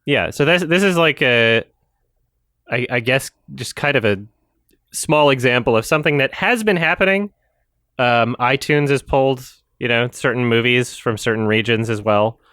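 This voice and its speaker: A man's voice: medium pitch, moderate pace, fairly bright tone, clean tone, no echo, studio quality. A man hosting a podcast in casual chat, rambling and swearing, often correcting himself mid-sentence. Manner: rambling, profane, self-correcting. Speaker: podcast host.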